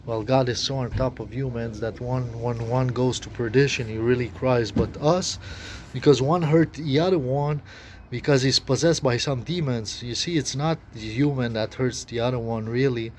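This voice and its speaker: A man rambling in halting, full of fillers and restarts, recorded outdoors near his tent. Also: mid-range voice, a little mellow. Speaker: vlogger. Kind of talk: rambling spoken monologue. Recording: noisy outdoor recording with passing traffic. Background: outdoor ambience and vehicles.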